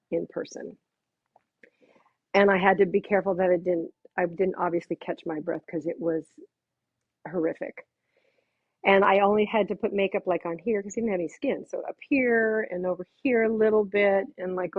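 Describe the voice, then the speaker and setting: A woman with a husky, breathy voice tells a personal story from her working life, heartfelt and animated whenever she quotes someone. Her voice comes through a narrow, tinny phone-like line. The sound is dry and close, with no room around it. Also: medium pitch, no room sound. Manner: heartfelt, animated when quoting others. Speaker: makeup artist guest.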